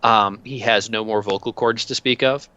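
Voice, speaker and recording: A man's voice: fairly low pitch, steady tone, moderate pace, sharp tone, clear, resonant tone, no echo, highs cut off. A man narrating a tabletop role-playing session as game master, chatty and full of fillers and restarts.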